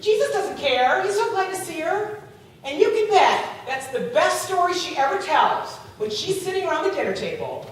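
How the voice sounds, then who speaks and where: A woman pastor preaching a sermon, telling a lively story and acting out the people in it. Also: very high voice, moderate pace. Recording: echoey, far from the mic, faint hiss.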